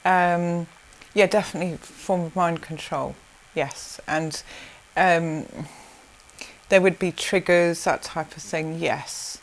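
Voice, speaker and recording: A woman recounting her experiences in an interview, hesitant, with many pauses and sighs. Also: on the low side, steady tone.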